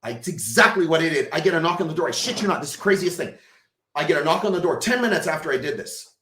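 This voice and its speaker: A man, a podcast guest, telling a personal story with emotion and acting out the dialogue, swinging from hushed to loud. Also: fairly high pitch, lively intonation, fast, reverberant. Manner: vivid storyteller who acts out quoted dialogue.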